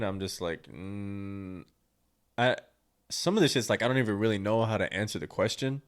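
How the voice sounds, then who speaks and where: This young man's voice sits lowish, moving at a normal speed with frequent pauses. Hosting his own podcast, he rambles through a personal story in a blunt, crude way, full of swearing.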